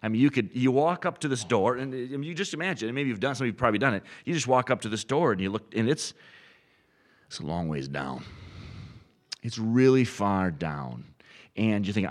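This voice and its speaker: A middle-aged man preaching a sermon, animated and storytelling, acting out quoted inner voices. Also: mid-range voice, brisk. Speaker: pastor.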